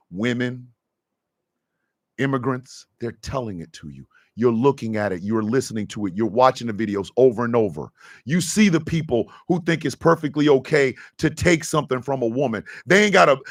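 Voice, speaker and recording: A man hosting a radio show, delivering an impassioned, profane rant that swings from a low intense murmur to shouting. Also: no room sound, clean studio sound.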